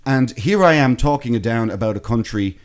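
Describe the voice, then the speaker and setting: A man in his thirties from Ireland, with a Waterford accent, co-hosts a podcast in casual, rambling, self-deprecating chat. His mid-range voice has lively intonation, and he talks fairly quickly.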